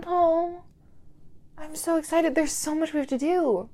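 A woman's voice: high voice, animated, slow pace, dark tone. A young woman in an audio role-play, talking straight to the listener as an effusive, gushing partner who often breaks into laughter.

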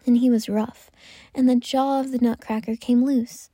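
A woman narrating a bedtime story in a gentle, unhurried way, at times dropping into a whisper. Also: a little high, fairly even intonation, breathy edge, no room sound.

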